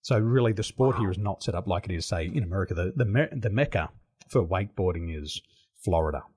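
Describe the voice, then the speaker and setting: An Australian man chats as a podcast guest. His voice sits low and carries a husky grain. He tells animated stories and laughs often. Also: quick pace. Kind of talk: casual interview storytelling. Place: home in Taiwan.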